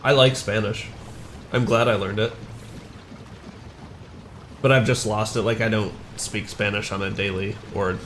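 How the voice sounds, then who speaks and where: A man's voice: lowish voice, steady tone, measured pace, pauses often, fairly bright tone, a little hiss or hum. A young man from the northern United States chatting casually with viewers while streaming a game, rambling and laughing at himself as he answers chat.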